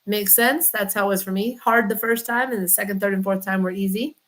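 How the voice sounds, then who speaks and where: A woman's voice: mid-range voice, fairly even intonation, fairly quick, a bit bright. A woman, a chiropractor chatting casually on a livestream, rambling and greeting viewers by name. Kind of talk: casual livestream chat reading comments.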